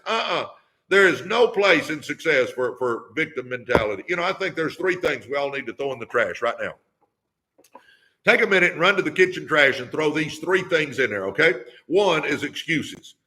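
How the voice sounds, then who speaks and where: A man's voice: sits high, sharp tone. An older man hosting a motivational talk, fired up and preachy, repeating catchphrases and urging listeners on. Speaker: podcast host. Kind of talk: motivational live-stream talk.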